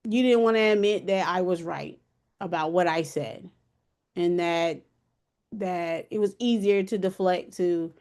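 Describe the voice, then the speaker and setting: A woman's voice: fairly low pitch, a little slow, a little mellow, clear, resonant tone. A woman in her thirties hosting a podcast, telling a personal story in a candid, emotional, colloquial way. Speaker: podcast host.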